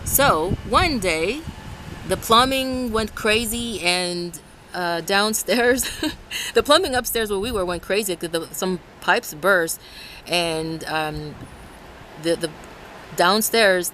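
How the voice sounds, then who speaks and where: A woman's voice: lowish voice, slow pace, poor audio. A woman from Ecuador vlogging casually outdoors in the rain and wind, rambling and restarting her sentences. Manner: rambling, restarts often, animated when quoting others. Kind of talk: casual talk to camera. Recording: faint outdoor traffic noise.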